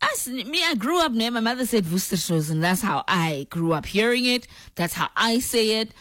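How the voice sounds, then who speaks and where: A woman's voice: on the high side, sing-song, moderate pace, a bit bright, no echo. A woman radio host talking in a playful, chatty way, stretching out words for emphasis. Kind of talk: casual radio talk. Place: radio studio.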